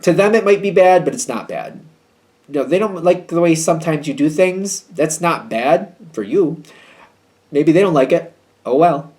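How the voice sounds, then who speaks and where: A man reads tarot for his viewers in a loose, chatty way, hedging his points with a wry, slightly snippy edge. His voice sits a bit high for a man and swings widely up and down as he talks. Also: expressive, moderate pace, darkish tone. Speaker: tarot reader. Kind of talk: casual tarot reading video.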